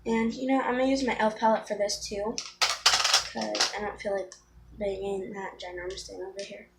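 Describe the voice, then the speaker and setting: A woman's voice: medium pitch, level tone, normal speed, vocal fry, heavy background noise. A teenage girl chatting casually through a makeup tutorial, rambling with ums and restarts. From Florida. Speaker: beauty vlogger.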